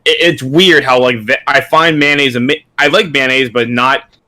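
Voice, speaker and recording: A young man with a bright, forward voice chats casually on a podcast, tripping over his words and repeating himself. He sounds loose and self-deprecating. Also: medium pitch, fairly even intonation, moderate pace. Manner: stammering, chatty, self-deprecating. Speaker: podcast co-host.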